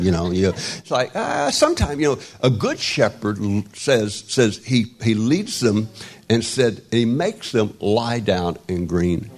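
Older man, pastor, informal sermon, rambling, stop-start, self-mocking asides, somewhat low voice. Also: sing-song. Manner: rambling, halting with many restarts, wry self-deprecating humor.

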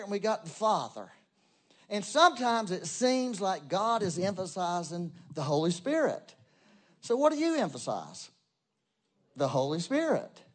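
A man preaching a sermon, talking straight to his congregation and swinging between loud emphatic bursts and soft low asides. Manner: conversational, addresses congregation directly. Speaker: pastor.

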